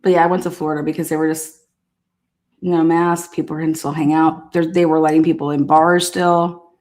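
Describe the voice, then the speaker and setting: Woman, lower register, casual foul-mouthed storyteller, lively and amused. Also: fairly quick. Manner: profane, animated, laughing while telling a story. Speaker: storyteller recounting past events. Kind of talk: casual anecdote.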